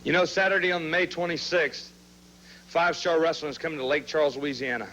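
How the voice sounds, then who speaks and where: A man's voice: on the high side, steady tone, a little fast, bright, forceful tone. A man cutting a fired-up, challenging wrestling promo on old TV audio. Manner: fired up, challenging, Southern drawl slang. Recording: dull old TV audio with faint hum.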